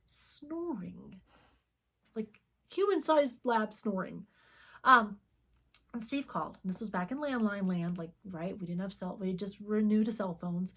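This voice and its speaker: A woman's voice: medium pitch, unhurried. Chatty middle-aged woman telling stories. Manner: lively storyteller, acts out quoted dialogue. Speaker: co-host of a cross-stitch video channel. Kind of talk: casual chat.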